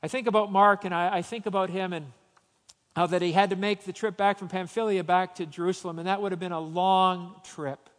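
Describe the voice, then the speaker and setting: A man's voice: high voice, steady tone, a little fast, a bit bright, big-room sound. A man preaching a sermon, telling a personal story and then urging his listeners with rising emphasis. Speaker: pastor.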